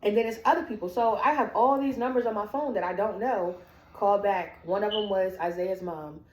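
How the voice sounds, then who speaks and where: Woman telling a family story, acts out the quotes, middle pitch, echoey room. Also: fairly quick. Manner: animated, acts out quoted dialogue. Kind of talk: personal storytelling.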